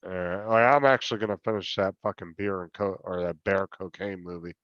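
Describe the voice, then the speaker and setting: A man's voice: deep voice, fairly even intonation, fairly quick, a bit bright, dry recording, dull audio. A man hosting a livestream, laid-back and tired, wrapping up the show. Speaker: livestream host. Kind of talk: casual chat.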